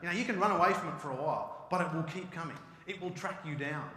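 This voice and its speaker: A man with an Australian accent giving an animated, joking keynote talk. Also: a little high, fast talker. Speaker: keynote speaker. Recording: echoey hall, live stage.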